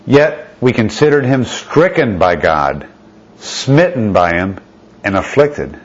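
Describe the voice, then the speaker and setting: A man's voice: lowish voice, very animated, slow, lo-fi sound, a little hiss or hum. A man preaching a sermon, reading scripture aloud and asking his listeners rhetorical questions.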